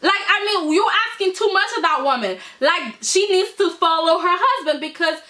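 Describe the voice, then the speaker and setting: A woman reviewing a soap opera in casual, animated chat, full of "like" and "I mean". She is opinionated and keeps circling back to her point. Her voice is high and bright. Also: moderate pace. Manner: animated and opinionated, lots of fillers.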